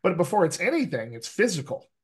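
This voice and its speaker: A man working as a dialect coach, teaching a workshop over a video call with an animated, emphatic manner. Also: high voice, fast talker, breathy edge. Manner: animated, emphatic, repeats phrases for effect.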